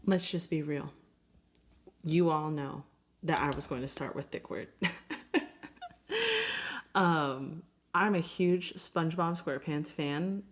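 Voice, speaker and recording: A woman's voice: sits low, slight background noise. Chatty woman reviewing crinkly slime. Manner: chatty and gushing. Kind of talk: casual product review. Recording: slime crinkling and clicking sounds.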